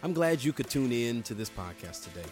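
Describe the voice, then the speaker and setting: A man's voice: mid-range voice, sing-song, fairly quick. A man, a pastor, opening a podcast with a welcoming address. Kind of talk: podcast introduction. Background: soft music.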